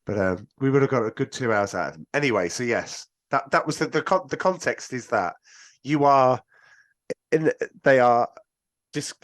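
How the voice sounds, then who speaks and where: A man's voice: mid-range voice, normal speed. Man, podcast guest, chatty and rambling, frequent restarts. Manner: rambling, animated, many restarts and asides. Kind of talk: casual film discussion.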